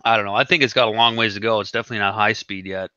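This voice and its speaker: Male host, sharp bright voice, swears freely while ranting casually. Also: fairly low pitch, fairly even intonation, rapid-fire, clear, resonant tone. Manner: profane, ranting storyteller. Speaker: podcast host. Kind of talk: casual chat. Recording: dull lo-fi sound.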